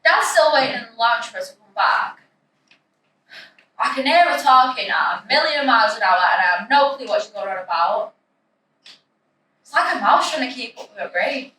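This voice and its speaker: A young woman tells her story in the first person, anxious and breathless. Her voice is high and bright. The recording is very echoey and distant, with a faint hiss behind it. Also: animated, normal speed, pauses often. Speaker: narrator. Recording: echoey room, distant mic, faint noise.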